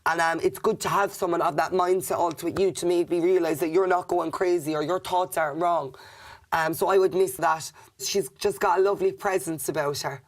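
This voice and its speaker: A young Irish man in a reality-show diary room, speaking gently and affectionately about friends in the house. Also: sits high, steady tone, a little fast. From Ireland.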